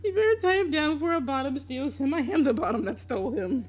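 A woman's voice: high voice, expressive, fast, faint music behind. A young woman chatting casually on a live stream while she draws, laughing often, swearing freely and teasing her viewers.

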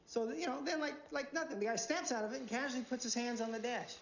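An actor playing a brash cop telling a crude, loud war story. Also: male voice, very high voice, fast, slight background noise. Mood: boastful. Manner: loud, swaggering anecdote. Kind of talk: film dialogue. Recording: dull, echoey film audio.

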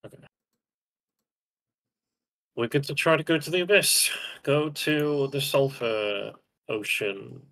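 Bright-voiced young man giving bossy game instructions. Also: medium pitch, animated, slow pace, gravelly, long pauses. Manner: bossy, instructing, swears when frustrated. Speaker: streamer. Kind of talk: live gameplay chat.

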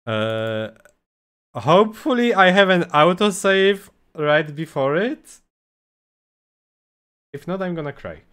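A man streaming a game, chatting casually and excitably, reading chat and game text aloud. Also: fairly high pitch, slow pace, pauses often, clean tone. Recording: game music playing under the voice.

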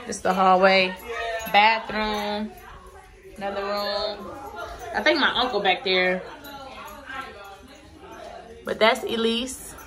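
A woman's voice: mid-range voice, fairly even intonation, slow pace, pauses often, over music, low-quality recording. A young woman, chatting playfully and laughing as she films a family vlog at home. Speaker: vlogger. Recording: family crowd chatting nearby.

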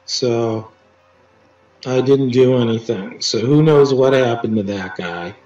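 A man tells his stories slowly, stopping often and restarting, with dry teasing. His voice sits back from the mic in a roomy space. The sound is a little dull, with faint music under it. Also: medium pitch, mellow, recorded from a distance. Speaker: interview guest, poet. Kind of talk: casual storytelling interview.

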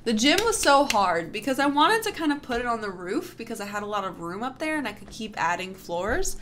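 A woman's voice: a little high, very animated, brisk, a bit bright, a little hiss or hum. A young woman giving casual gameplay commentary while building characters, chatty and swearing freely with frequent laughs. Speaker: YouTuber building Sims characters.

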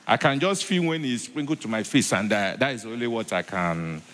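A man tells his testimony in a mid-pitched voice, stopping and restarting often with many hesitations. His words ring with a long echo, as in a church hall. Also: expressive, fairly bright tone. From Nigeria. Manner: halting, repeats and restarts with many fillers. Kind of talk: spoken testimony.

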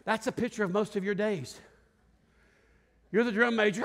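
A middle-aged man preaching a sermon, telling a story with lively shouts and laughter. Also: high-pitched, normal speed, long pauses. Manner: animated storyteller, acts out scenes with shouts and laughter. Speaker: pastor. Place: large church sanctuary. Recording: long hall reverb.

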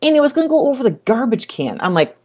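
A middle-aged woman talking casually to camera as a coach, animated and breaking into excited exclamations. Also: on the high side, quick pace. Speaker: video creator and coach.

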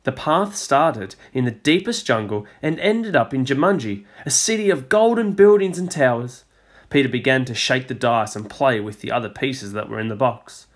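A male teacher reads a children's picture book aloud in a mid-pitched voice. His storytelling is expressive, and he lets his voice fall low and soft on the speech tags. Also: normal speed.

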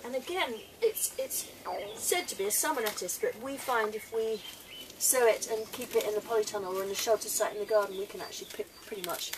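A woman's voice: mid-range voice, fast talker. A woman with an English accent, presenting a casual gardening how-to with chatty enthusiasm, recorded outdoors in a rural garden. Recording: distant mic outdoors with background noise.

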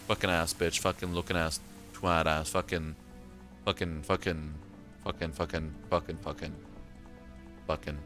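A man giving casual gameplay commentary, excitable, swearing and laughing often. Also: deep voice, a little slow, soft background music. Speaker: let's play gamer.

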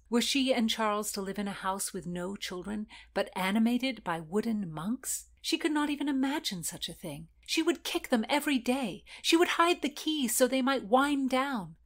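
A woman host reading historical fiction aloud in an expressive storytelling manner. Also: medium pitch. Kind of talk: scripted narration of historical fiction.

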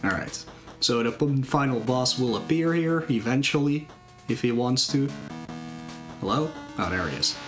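Relaxed man commentating his speedrun. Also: medium pitch, normal speed. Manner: relaxed, explains as he plays, glances at chat. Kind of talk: live commentary while playing. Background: game music.

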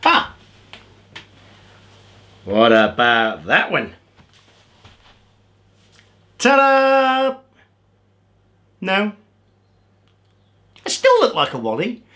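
A man's voice: high voice, huge pitch swings, extremely slow, long pauses. A man, leading children through a singalong lesson in a playful, coaxing way. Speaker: children's music entertainer. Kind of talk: singalong lesson for kids at home. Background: loud guitar music.

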